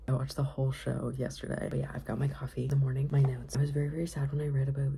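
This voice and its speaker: A woman book vlogger reading a novel aloud and reacting excitedly, often dropping into a whisper. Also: a bass voice, fast, creaky, noisy background.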